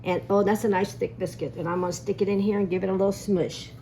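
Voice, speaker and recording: A woman hosts a relaxed home cooking demonstration, talking viewers through each step. She is chatty and folksy and drifts into family stories as she works. Her voice sits in a middle register, and faint room ambience hums in the background. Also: mid-range voice, fast, a little hiss or hum. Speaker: cooking show host.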